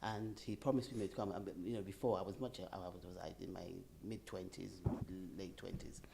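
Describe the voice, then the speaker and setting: A middle-aged woman telling a personal story in a group conversation, animated and laughing as she talks. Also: very deep voice, brisk, gravelly, heavy background noise. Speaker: bereaved participant.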